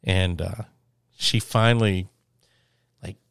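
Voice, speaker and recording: A middle-aged podcast co-host with a deep voice and vocal fry takes his time as he tells stories in a casual chat, laughing while he talks. His tone is clean, recorded in a clean studio with no echo.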